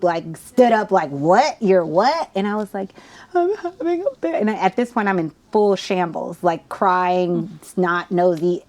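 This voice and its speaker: A young woman from New Jersey, a podcast host, telling a personal story in lively, slangy casual chat. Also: fairly low pitch. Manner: animated storyteller, slangy, many "like" fillers.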